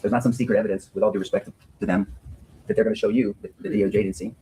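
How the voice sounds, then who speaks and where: A man's voice: on the low side, flat delivery, rapid-fire, mellow, breathy edge, low-quality recording. A man speaking as a defense attorney in a courtroom, giving an earnest opening statement to a jury and often repeating words as he restarts his sentences.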